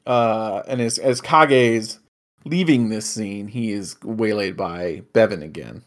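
Guy co-hosting a chat show, excitable and jokey, swears now and then, recapping episodes. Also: fairly low pitch, slow pace. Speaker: podcast co-host. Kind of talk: casual chat recapping an anime.

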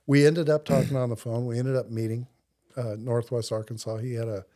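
A man being interviewed as a podcast guest, telling a personal faith story in an earnest, reflective way with slow pauses. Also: mid-range voice, flat delivery, warm tone. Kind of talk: personal faith testimony in conversation.

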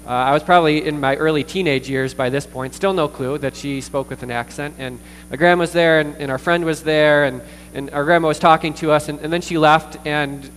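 A man preaching a sermon as pastor, earnest, with pauses, fillers and repeated words. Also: fairly high pitch, fairly bright tone. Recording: distant reverberant hall with mains hum.

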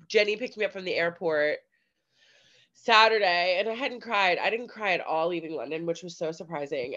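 A woman's voice: lowish voice, a bit bright. A woman co-hosting a podcast, talking casually with lots of fillers and quoted asides. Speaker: podcast co-host. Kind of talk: casual chat. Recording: slightly dull lo-fi audio.

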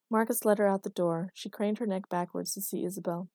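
A woman reads a novel aloud in a measured, even way. Her voice is warm and mellow, and the recording is close and dry with no room sound. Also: mid-range voice, no echo. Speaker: audiobook narrator. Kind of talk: scripted narration.

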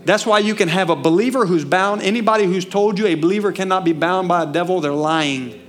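Brief: male Southern US pastor, high-pitched, animated sermon delivery, faint music underneath. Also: brisk. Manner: animated, asks the congregation questions, swings from loud to hushed. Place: church.

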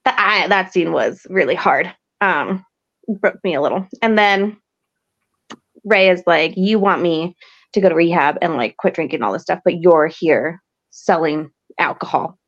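A woman with a low, gravelly voice recaps a show episode for her podcast, chatty and rambling, full of "um" and "like". The audio is a bit dull and lo-fi. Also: measured pace. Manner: chatty, rambling with many fillers. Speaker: podcast host.

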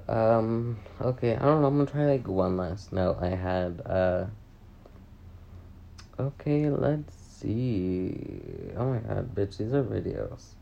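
A woman's voice: rumbling low, lively intonation, slow, vocal fry, dark tone, highs cut off, a little hiss or hum. A young woman rambling through a casual confessional vlog, swearing often and mocking herself. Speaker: vlogger.

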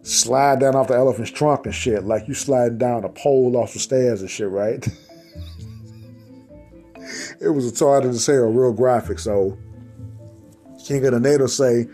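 A man's voice: medium pitch, a little slow, long pauses, warm tone, soft background music. A man telling a crude comedy story on a podcast, using loose slang and swearing, and laughing at his own jokes.

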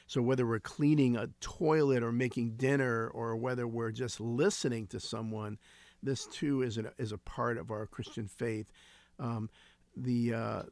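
Guest, male, 60s, mid-pitched with some gravel, earnest storyteller. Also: darkish tone, dry recording. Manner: earnest, reflective, with frequent restarts. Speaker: guest, founder of a homeless ministry. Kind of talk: conversational interview storytelling.

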